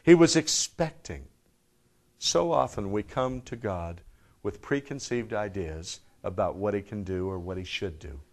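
A man preaching a sermon to a live congregation, firing off rhetorical questions and swinging between loud emphatic bursts and hushed low tones. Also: expressive, measured pace. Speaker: pastor.

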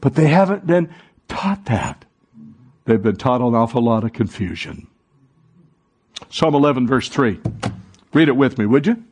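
A man's voice: mid-range voice, animated, unhurried, long pauses, a little mellow, slightly rough. A man preaching a sermon as pastor, calling on the congregation to answer and repeat after him. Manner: preaching, calls for congregation responses. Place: church sanctuary.

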